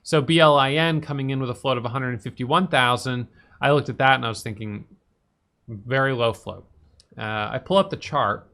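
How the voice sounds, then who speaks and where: A tired man casually recapping his day's stock trades, talking fast with lots of fillers and restarts. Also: pushed and bright. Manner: fast, filler-heavy talk with restarts, "boom" for quick actions. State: tired, yawning.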